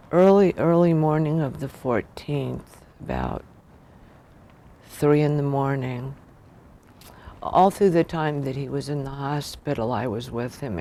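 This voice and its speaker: A widowed woman recalling a loss in a documentary interview, speaking slowly and often sinking into a whisper. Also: very deep voice, dark tone. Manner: slow, gravelly, often dropping to a whisper. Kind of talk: documentary interview, personal recollection.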